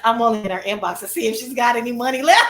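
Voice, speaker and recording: Loud dramatic woman, high bright voice. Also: rapid-fire, echoey room, slight background noise. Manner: loud, dramatic, profane, laughing. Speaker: host. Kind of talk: casual livestream chat.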